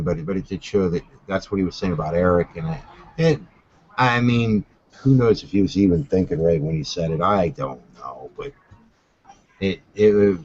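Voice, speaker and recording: A man in casual livestream chat, low-key and mumbling, over lo-fi stream audio.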